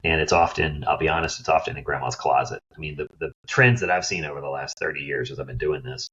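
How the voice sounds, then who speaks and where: A middle-aged man, a guest on an interview, telling lively stories and acting out other people's voices. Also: rumbling low, fast, slightly rough. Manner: animated storyteller who acts out others' voices. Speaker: guest, downsizing expert. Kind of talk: interview storytelling. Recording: slightly dull lo-fi sound.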